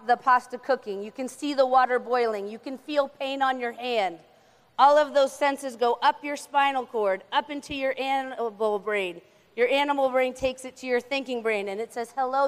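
A young woman with a high, bright voice gives a lively talk on anxiety before an audience. She acts out voices of God and the brain as she explains. Her voice rings with the long reverb of a large hall. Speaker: speaker. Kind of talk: faith-based talk on anxiety.

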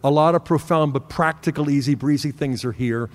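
A man's voice: a little high, brisk. A middle-aged man giving a sermon-style talk, telling a family story in an earnest way and acting out the dialogue. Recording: long hall reverb.

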